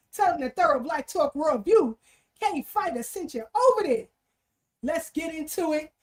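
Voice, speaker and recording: Female livestream host, high voice, casual and repetitive with street slang. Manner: repeats greetings in threes, street slang. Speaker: livestream talk show host. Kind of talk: casual livestream chat, shouting out viewers.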